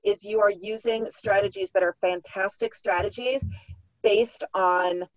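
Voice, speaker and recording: A woman's voice: mid-range voice, steady tone, measured pace, no room sound, lo-fi sound. A middle-aged woman, a clinician and author, explaining her methods in a podcast interview and acting out what parents think. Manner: explanatory, practical, acts out parents' thoughts.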